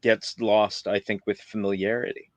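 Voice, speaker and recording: A man talking casually about films as a guest, animated and opinionated, and prone to ranting. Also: fairly low pitch, normal speed, dry recording, muffled recording. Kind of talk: casual film chat.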